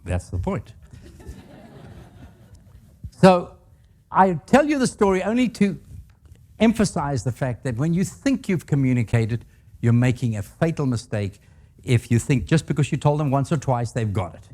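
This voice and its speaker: A man's voice: medium pitch, sing-song, measured pace, pauses often, a little mellow. An older man giving a leadership talk to a live audience, telling stories with humor and asking the audience questions. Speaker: guest speaker.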